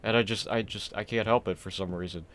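A young man casually commenting on a horror game he is playing, rambling, excitable and self-deprecating. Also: lowish voice, brisk. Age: young adult. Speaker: gaming channel host. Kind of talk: casual let's-play commentary.

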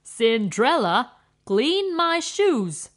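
A woman's voice: fairly high pitch, very animated, slow pace. A woman voicing spoiled, mean young stepsisters who make haughty demands in a children's story.

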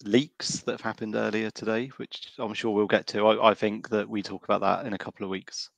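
A thirty-year-old man on a live podcast panel talks in a brisk, friendly way. His voice sits on the lower side. The recording is dry and close. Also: level tone, creaky, dry recording. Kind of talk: casual live-stream chat.

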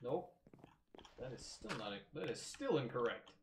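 A young man hosting a casual gaming session, playfully melodramatic, swinging into loud mock outrage and laughter. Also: mid-range voice, sing-song, a little slow, roomy sound, background noise. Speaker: gaming channel host.

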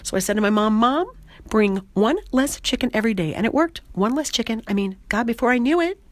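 A goofy, flirtatious woman chattering away in a raised, bouncy voice, as a hoarse woman reads her lines aloud. She is bubbly and excitable, and her tone swings widely from line to line. The voice underneath stays worn and hoarse. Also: a little high, a little fast, no echo, voice pushed up, lightly acted. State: hoarse, voice mostly lost.

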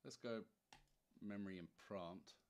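A young man giving a casual live screen-share software tutorial. He thinks aloud in a loose, chatty way and adds wry asides as he clicks through. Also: lowish voice, a little slow. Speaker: software demo presenter.

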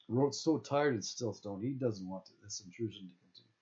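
A man's voice: lowish voice, fairly quick, warm tone. A man reading his own novel aloud, stumbling now and then and correcting himself mid-sentence. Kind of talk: audiobook-style reading of own fiction. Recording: dull lo-fi recording.

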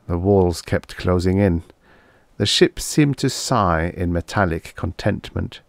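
Male audiobook reader, deep and unhurried, measured and dramatic, dry close recording. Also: gravelly, no echo. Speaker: audiobook narrator. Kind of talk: scripted narration of vintage science fiction.

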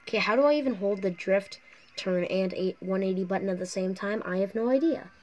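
A woman's voice: medium pitch, a little fast, darkish tone. A talkative woman giving rambling, chatty commentary while playing a mobile racing game, recorded on her phone's microphone. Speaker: mobile gaming YouTuber. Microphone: phone mic through a screen recorder.

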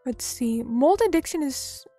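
High-voiced young woman streaming casually. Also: expressive, measured pace, mellow, husky, dry recording, faint music behind. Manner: playful, reads chat aloud, self-mocking. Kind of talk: casual live-stream chat.

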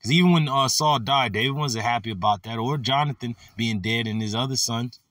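A man preaching a casual, animated sermon, reading Bible verses and adding slangy asides. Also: medium pitch, fairly quick, dry recording, studio quality, recorded from a distance. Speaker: preacher teaching scripture.

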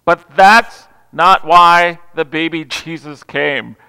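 Pastor guy preaching christmas eve, bright clear voice, big echoey church, goes loud then soft. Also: a little high, takes it slowly. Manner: storytelling with humor, swings from loud to hushed. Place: large church sanctuary. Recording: reverberant church hall.

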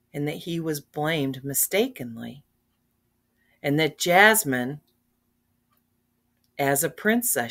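Older woman, unhurried and gentle, reads picture books to kids and talks to them directly. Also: deep voice. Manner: gentle, earnest, speaks directly to children with questions. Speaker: storyteller reading to children. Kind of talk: children's story read-aloud.

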